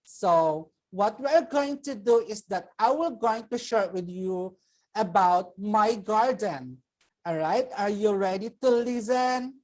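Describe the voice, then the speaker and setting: A woman's voice: medium pitch, darkish tone. A woman teacher with a Filipino accent giving a children's vocabulary lesson, speaking patiently and repeating each word for pupils to say back. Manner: slow, patient, repeats words for pupils to echo.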